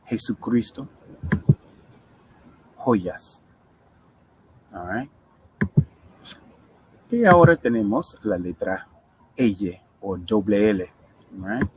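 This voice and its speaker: A middle-aged man with a fairly low voice gives a casual Spanish pronunciation lesson, sliding easily between Spanish and English. He keeps checking in with the learner as he goes. A faint room ambience sits under his voice. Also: background noise. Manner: chatty, mixes Spanish and English, frequent "right?" check-ins. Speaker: Spanish teacher.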